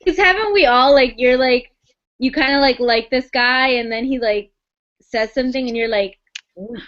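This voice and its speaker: High-voiced chatty young woman. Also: moderate pace, fairly bright tone. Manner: chatty, many filler "like"s. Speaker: book club co-host. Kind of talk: casual book chat. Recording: dull lo-fi webcam audio.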